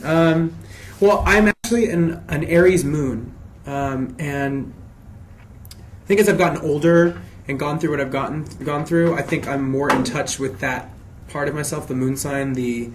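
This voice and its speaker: A man with a mid-range voice talks through fan questions in an easygoing, casual Q&A. He reads each question aloud, then answers in an expressive, chatty way that often circles back and restarts. A faint hum sits under his voice. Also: medium pitch.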